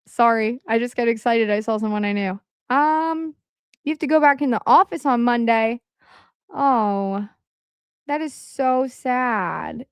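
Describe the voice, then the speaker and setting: A woman hosts a relaxed livestream from home, rambling in a casual chat and filling her pauses with "um." Her voice sits a little high and comes across smooth and clear. The sound is dry, with no room echo. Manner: rambling, with frequent "um" fillers. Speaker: livestream host.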